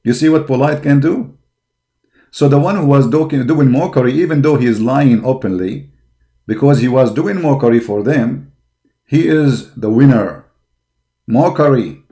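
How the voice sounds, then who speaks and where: Impassioned and combative, a religious commentator preaches online in non-native English, leaning on fillers as he becomes heated and mocking. He speaks at a moderate pace with a medium-pitched, dark voice.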